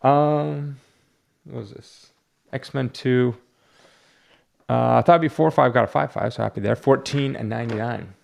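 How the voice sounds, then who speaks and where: A man's voice: medium pitch, fairly even intonation, measured pace, vocal fry, long pauses, a little mellow. A man running a comic book shop, chatting casually and rambling as he talks himself through each graded book. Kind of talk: casual unboxing chat.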